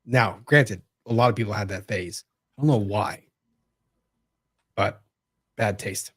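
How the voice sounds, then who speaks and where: A man's voice: lowish voice, measured pace. A man hosting a casual online legal panel chat over a video call, wry and joking. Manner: wry, joking, talks to his dog in a soft voice. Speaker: show host.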